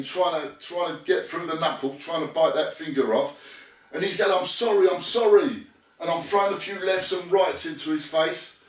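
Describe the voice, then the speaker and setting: A man, a former bouncer, telling a rough story bluntly, acting out what was said and swearing freely. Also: fairly high pitch, distant mic. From Britain. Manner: blunt, swearing, acts out quoted dialogue. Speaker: former bouncer, interview guest. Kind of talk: storytelling anecdote. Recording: echoey room, voice a bit off-mic.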